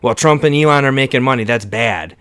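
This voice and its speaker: A man's voice: mid-range voice, fairly quick, sharp tone, clear, resonant tone, dry recording. A man in a heated casual political argument with a friend, stammering and restarting, exasperated and insistent, swearing freely. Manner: swears freely, calls the other "bro" and "dude".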